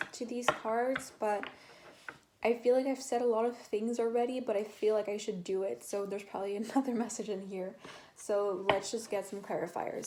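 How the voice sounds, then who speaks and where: A woman's voice: a little high, darkish tone, slight background noise. A woman giving a casual tarot reading to her viewers, chatty and rambling, with many fillers and restarts. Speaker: tarot reader.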